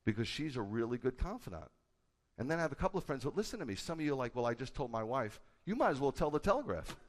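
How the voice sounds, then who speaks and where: A man who is a rabbi, preaching a sermon emphatically and shifting between loud bursts and low confiding asides. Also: very animated, quick pace. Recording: echoey hall with a long tail.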